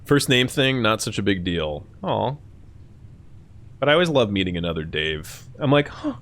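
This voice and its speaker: A young man with a fairly low voice hosts a live stream, chatting loosely and profanely. His delivery swings widely in pitch and often jumps into shrill mock voices. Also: very animated, normal speed, fairly bright tone. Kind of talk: casual chat answering chat.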